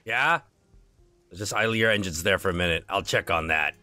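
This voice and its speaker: A man's voice: low-pitched, normal speed, sharp tone, faint music behind. A man voicing a curt, irritable door guard in a video game. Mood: irritated. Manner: curt, dismissive.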